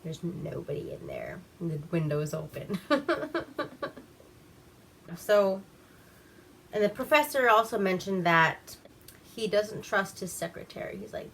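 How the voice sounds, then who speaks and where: A woman's voice: mid-range voice, very animated, measured pace, gravelly, long pauses, fairly bright tone, a little hiss or hum. A woman recapping an old movie in a casual, profane, rambling way, laughing as she goes. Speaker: movie reviewer.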